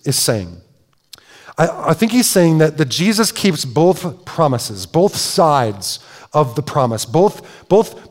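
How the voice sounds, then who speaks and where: Conversational man preaching in a reverberant hall. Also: on the high side. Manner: conversational, self-interrupting with repeated words and asides. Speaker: pastor. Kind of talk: sermon. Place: church sanctuary. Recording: long reverb of a large hall.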